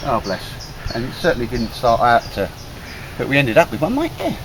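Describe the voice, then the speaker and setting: A chatty man talks in a lively, up-and-down way, calling everyone mate and laughing often. He is recorded outdoors in the woods, with clear background noise on the camera audio. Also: medium pitch, brisk. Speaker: bushcraft vlogger. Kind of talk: casual outdoor chat.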